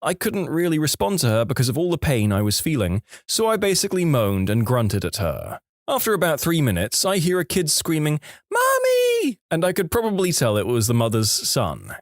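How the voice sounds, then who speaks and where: Lively male story narrator. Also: a little high, fairly quick, few pauses, no echo, studio quality. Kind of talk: scripted narration of online stories.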